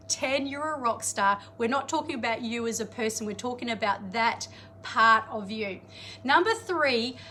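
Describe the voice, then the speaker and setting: A woman, coaching an audience in a chatty, energetic live-streamed motivational talk, greeting viewers and laughing often. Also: high-pitched, a little hiss or hum. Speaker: life coach.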